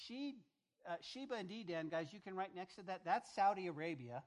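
A man's voice: high voice, lively intonation, a little fast. A man preaching a Bible-teaching sermon, speaking emphatically, repeating phrases and firing rhetorical questions straight at his congregation. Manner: talks directly to the congregation. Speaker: pastor.

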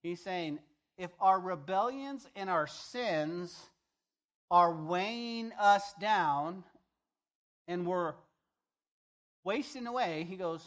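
A man's voice: high voice, slow pace, long pauses, a bit bright. A male pastor giving a conversational sermon, reading scripture aloud and paraphrasing it in everyday speech.

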